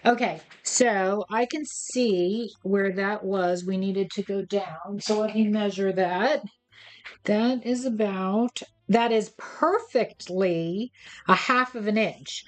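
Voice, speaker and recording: Chatty woman demonstrating a card craft. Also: medium pitch. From United States. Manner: chatty and playful, talks to viewers, chuckles at herself. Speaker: craft tutorial host. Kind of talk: casual step-by-step craft demonstration.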